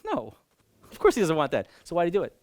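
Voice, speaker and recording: A man, a rabbi teaching an adult class, telling a lively teaching story and acting out its people, jumping between loud bursts and hushed asides. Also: a little high, quick pace, no room sound. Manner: animated, acts out voices and jumps between loud and hushed.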